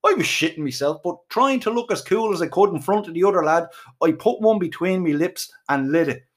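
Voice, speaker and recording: A man's voice: high voice, expressive, fairly quick. A middle-aged Irish man telling a crude, comic story with colourful swearing.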